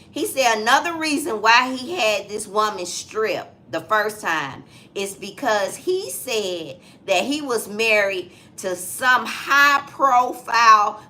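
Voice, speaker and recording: Woman, 40s, southern us accent, lively pitch, bright voice, animated storyteller. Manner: animated retelling, acting out voices. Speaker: co-host. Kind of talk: casual storytelling chat.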